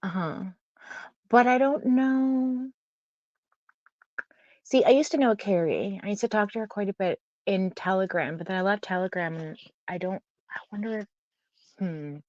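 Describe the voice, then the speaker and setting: A woman's voice: mid-range voice, normal speed, long pauses, a little mellow, no room sound. A woman chatting casually as a guest on a livestream, giggly and teasing. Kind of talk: casual chat. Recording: dull, dry muffled call audio.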